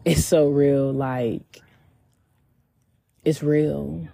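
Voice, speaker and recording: A woman's voice: deep voice, fairly even intonation, gravelly, mellow, dry recording. A woman hosting a podcast, candidly and reflectively telling her personal faith testimony. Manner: candid and reflective, with drawn-out pauses. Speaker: podcast host.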